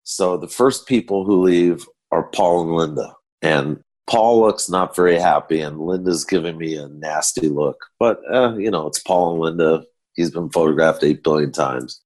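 An older man, a photographer guest, telling backstage anecdotes in an animated storytelling manner. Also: low voice, moderate pace, few pauses. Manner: animated storyteller acting out quotes.

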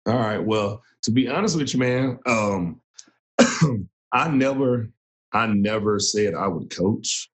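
A man in his thirties, a former Marine turned coach, telling his story in a relaxed, casual way with frequent laughs. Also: lowish voice, slow. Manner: relaxed, laughs often, restarts sentences.

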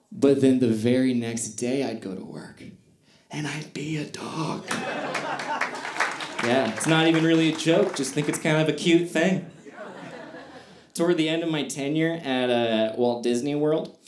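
A man's voice: on the low side, darkish tone, roomy sound. Wry man telling stand-up stories. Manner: self-deprecating storytelling, wry asides. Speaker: stand-up comedian. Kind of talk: stand-up comedy set.

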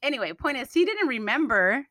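A woman's voice: high-pitched, a little fast, dry recording, clean studio sound. A woman co-hosting a casual chat podcast, telling stories animatedly, acting out quotes and switching between English and Spanish. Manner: animated storyteller, acts out quotes. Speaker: podcast co-host. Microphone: studio USB mic.

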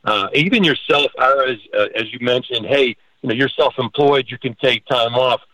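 Man, home care owner, earnest and halting, mid pitch, dry close recording. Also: sharp tone, no echo, rough recording. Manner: earnest, halting with many restarts and fillers. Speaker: podcast host and home care business owner. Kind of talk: conversational guest talk.

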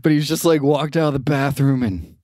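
A man's voice: medium pitch, brisk, darkish tone, dry recording, studio quality. A young man co-hosting a podcast, telling a story in a rambling way, laughing often and swearing casually. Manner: rambling, laughs a lot while telling stories, crude language. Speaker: podcast co-host.

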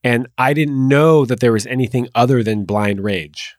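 A man's voice: mid-range voice, moderate pace, no echo, clean studio sound. A man hosting a podcast interview, frankly sharing a personal story.

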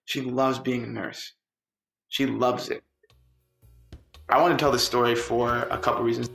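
A man telling a personal story, lively and quoting the people in it. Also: mid-range voice, unhurried, vocal fry. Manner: lively, quotes people in dialogue. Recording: roomy echo with faint music.

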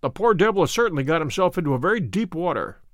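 A man reading a brilliant, self-assured detective for a storybook recording. The voice sits fairly high and moves through lively rises and falls, dry and close with no room around it. Each line comes measured and musing, with a light wry edge. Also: no room sound. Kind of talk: audiobook character reading.

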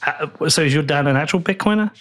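A man hosts a relaxed podcast conversation. His talk is chatty and teasing, and he swears now and then as he jokes with his guest. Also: a little high, fast talker. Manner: chatty, joking, swears casually. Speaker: podcast host. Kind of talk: casual podcast interview.

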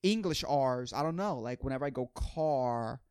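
A man's voice: medium pitch, normal speed, darkish tone, smooth, no echo, clean studio sound. A man with a Puerto Rican accent hosting a podcast, rambling through a goofy comedic monologue and swearing casually. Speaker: podcast host.

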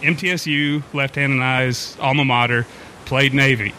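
A man's voice: mid-range voice, fairly even intonation, moderate pace, pushed and bright, slight background noise. A man hosting a casual podcast chat, joking and laughing easily. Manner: jokey, laughs often. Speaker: podcast host.

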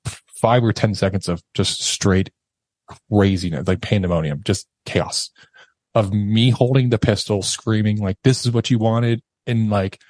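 A man's voice: lowish voice, fairly even intonation, a little slow, a little mellow, no echo. A man in his thirties, a podcast guest, telling a harrowing personal story with emotion and acting out the voices of others. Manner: emotional, acts out quoted voices, laughs nervously.

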